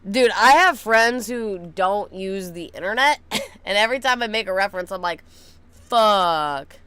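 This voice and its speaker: A young woman chatting casually with viewers, blunt and swearing, laughing often, cooing softly at her dogs. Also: medium pitch, moderate pace, clear, resonant tone, no echo. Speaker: streamer.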